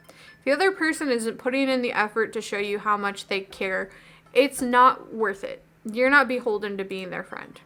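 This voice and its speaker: A woman's voice: medium pitch, lightly acted. A woman reading as a caring, jokey dad. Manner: earnest, gently teasing. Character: caring, jokey single father.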